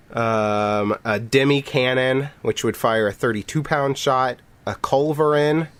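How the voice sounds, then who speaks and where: Man, game player, steady explainer, casual chat. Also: medium pitch. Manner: explains things in a measured, trivia-sharing way.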